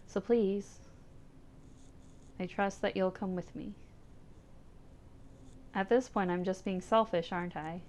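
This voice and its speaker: A woman reading aloud as a grieving woman saying goodbye to her old cat, in a soft, tender, pleading way. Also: mid-range voice, vocal fry, clean tone. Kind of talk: reading visual novel text aloud.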